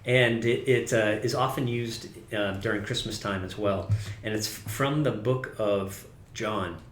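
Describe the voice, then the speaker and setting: A man's voice: lowish voice, unhurried, fairly bright tone, a little hiss or hum. Casual pastor man in an echoey room. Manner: conversational, self-correcting, laughs at himself. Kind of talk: casual sermon.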